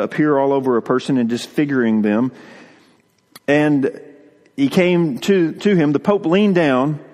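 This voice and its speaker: Male pastor, sermon delivery, slightly high voice, earnest, long hall reverb. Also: darkish tone. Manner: earnest, with frequent repeated words.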